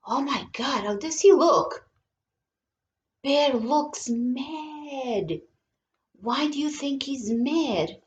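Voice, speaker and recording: A woman reads a picture book to young children, slowing down and pausing to ask how the characters feel. Her voice is a little high and expressive, with gasps at surprises. The room sounds echoey, and the recording is muffled and lo-fi. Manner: expressive, gasping, asks questions to children. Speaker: teacher reading a picture book aloud. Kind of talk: bilingual storybook read-aloud. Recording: roomy, dull lo-fi sound.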